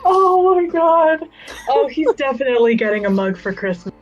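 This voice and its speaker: A woman's voice: high-pitched, very animated, moderate pace, muffled recording, soft background music. A woman talking as a player in an amused, chatty way. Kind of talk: casual tabletop play.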